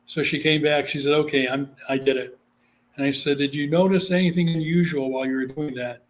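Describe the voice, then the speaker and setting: A man's voice: a little high, steady tone, brisk. Chatty man from Guam telling a story. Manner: chatty, full of "you know" fillers, acts out quoted people. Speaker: psychic medium, interview guest. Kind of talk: casual storytelling in an interview.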